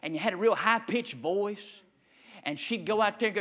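Fiery high-voiced preacher. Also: male voice, expressive, moderate pace. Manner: fiery, rhythmic repetition, shouting peaks. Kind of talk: sermon.

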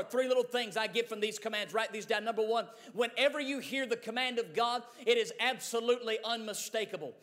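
An extremely high-pitched, sharp-toned pastor preaches briskly with hardly any pauses in a church sanctuary, his mic run through a sound board. He repeats phrases rhythmically, building to fervent Pentecostal intensity.

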